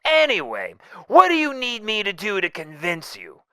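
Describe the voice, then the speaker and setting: A man voicing a wisecracking, unhinged male mercenary in a fan audio drama, jokey and manic, swinging between whispers and shouts. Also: sits high, huge pitch swings, moderate pace, smooth, dry recording, clean studio sound, heavily acted. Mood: manic teasing.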